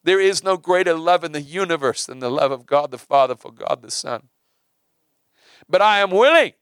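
A man's voice: on the high side, animated, moderate pace, a bit bright, clear, resonant tone, dry recording, voice pushed up. A man voicing God as he addresses Abraham in a sermon, speaking earnestly and emphatically.

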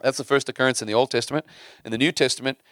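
A man preaching a sermon, repeating and restarting words and swinging from hushed to emphatic. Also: medium pitch, steady tone, racing, no echo, studio quality.

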